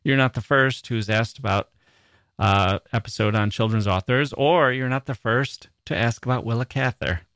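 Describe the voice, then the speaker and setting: A man's voice: mid-range voice, moderate pace, fairly bright tone, no room sound, studio quality. A male American podcast host reading listener mail aloud, breaking off for playful, joking asides. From United States.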